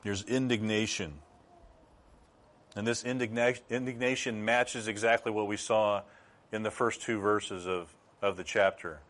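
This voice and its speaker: Lower-voiced pastor preaching a sermon. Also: male voice, steady tone, a little slow, fairly bright tone. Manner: teaching with rhetorical questions.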